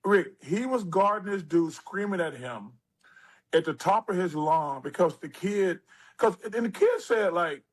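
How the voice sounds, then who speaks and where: A man in his sixties, an interview guest, telling stories in a casual, animated way with lively asides. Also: sits high, unhurried. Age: 60s.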